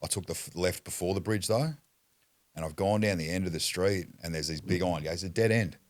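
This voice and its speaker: A man's voice: low voice, fairly quick, no echo. An Australian man telling a story as a podcast guest, blunt and foul-mouthed in casual chat. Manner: blunt, heavy swearing, acts out quotes.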